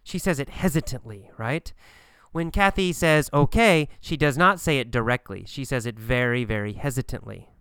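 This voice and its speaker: A man teaching an English pronunciation lesson, asking and answering his own questions deliberately. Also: mid-range voice, fairly bright tone, clear, resonant tone, no echo, clean studio sound. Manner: slow, deliberate, repetitive questioning.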